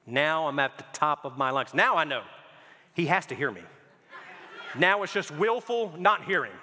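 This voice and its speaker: A man's voice: a little high, animated, moderate pace, pushed and bright. A man preaching a conversational sermon as a pastor, telling stories and often repeating words as he goes. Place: church sanctuary. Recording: long hall reverb.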